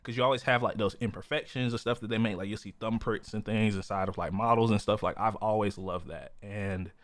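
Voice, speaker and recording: A man's voice: on the low side, steady tone, fairly quick, no echo. A man co-hosting a podcast in casual chat, rambling with lots of "you know" and "like" fillers. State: has the hiccups. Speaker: podcast co-host.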